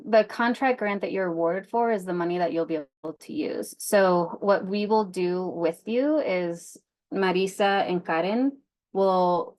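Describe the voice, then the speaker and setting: A woman leading a grant information session, speaking casually with frequent fillers. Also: on the low side. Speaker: grant program presenter.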